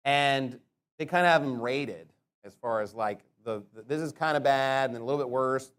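A man preaching a sermon, asking rhetorical questions and slowing down to stress his points. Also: medium pitch, a bit bright, smooth. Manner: emphatic, rhetorical questions, slows to stress words.

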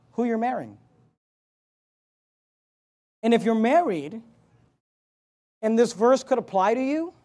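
Male pastor, very high voice, emphatic sermon delivery with stammered restarts. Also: a little mellow. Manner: emphatic preaching with repetitions and asides.

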